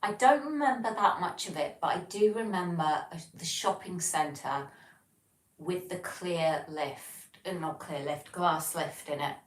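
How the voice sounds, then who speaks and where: A woman's voice: fairly low pitch, unhurried, reverberant, recorded from a distance, rough recording. A woman from England with an English accent, hosting a livestream, chatting casually and reading out viewer comments with lots of ums and restarts. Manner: rambling, frequent ums and self-corrections. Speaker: livestream host. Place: home, living alone.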